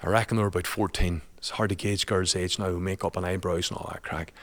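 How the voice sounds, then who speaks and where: A man's voice: deep voice, fairly even intonation, quick pace. A man, a guest and father, telling a personal story in a chatty, colloquial way, laughing often.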